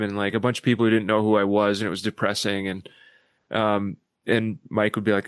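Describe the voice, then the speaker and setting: A man who is a podcast guest, telling stories animatedly and acting out quoted people in lively voices. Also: fairly low pitch, quick pace, clear, resonant tone, no room sound, studio quality. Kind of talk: casual discussion.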